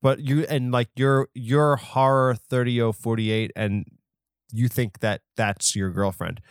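A man's voice: mid-range voice, fairly even intonation, a little slow, smooth, no echo. Guy rambling on his podcast, swears a lot, keeps restarting sentences, dry room. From half Hispanic. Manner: rambling, crude, self-deprecating, lots of fillers and restarts. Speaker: podcast host. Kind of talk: casual solo podcast rambling.

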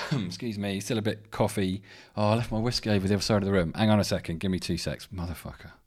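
A man's voice: on the low side, steady tone, fast talker. A man from England hosting a casual solo podcast, rambling and swearing constantly in an irritable, offhand way. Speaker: podcast host.

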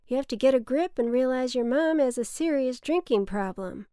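A woman's voice: high voice, lively intonation, normal speed, mellow, smooth, dry recording, clean studio sound, pitched above the performer's own voice. A woman doing a blunt, lecturing man. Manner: lecturing, condescending.

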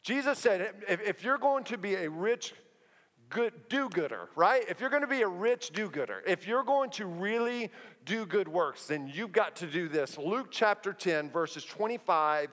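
Man, 30s, pastor, high voice, joking conversational sermon, long echoing church hall. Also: expressive, fairly bright tone. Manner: humorous, conversational storytelling with quick asides. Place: church auditorium. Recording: long reverb of a large hall.

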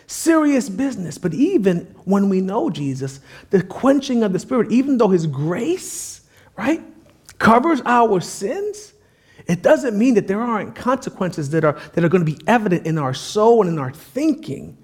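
A man's voice: high-pitched, slightly rough. A man preaching a sermon as pastor, in a casual, conversational style with frequent asides.

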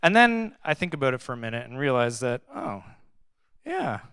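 A young man giving a casual, conversational sermon, reading scripture and adding animated, sarcastic asides. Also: mid-range voice, moderate pace, gravelly, smooth, no room sound, studio quality. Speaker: pastor.

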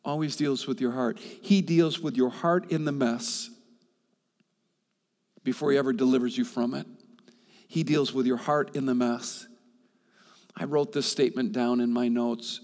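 A man's voice: fairly even intonation, unhurried, pauses often. Impassioned male preacher in a reverberant hall. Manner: impassioned, swings from loud and high to soft, repeats himself. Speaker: pastor. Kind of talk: sermon.

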